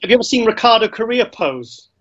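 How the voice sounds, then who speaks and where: A man co-hosting a casual talk show, telling stories with lots of restarts and excitement. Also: very high voice, fast talker. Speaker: co-host. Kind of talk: casual chat. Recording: slightly dull lo-fi sound.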